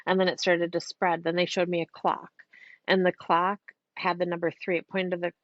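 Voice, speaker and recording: A woman psychic medium, a podcast guest, telling a story in a chatty, animated way, now and then swearing casually. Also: fairly low pitch, moderate pace, no room sound. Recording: dull, dry lo-fi podcast audio.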